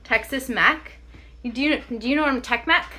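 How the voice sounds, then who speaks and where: A young woman talking to her stream viewers in a loose, rambling way. Her voice sits a little high and sounds very bright. She laughs a lot and swears without thinking about it. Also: normal speed. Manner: chatty, rambling, laughs often, swears casually. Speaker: livestreamer. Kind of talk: casual livestream chat.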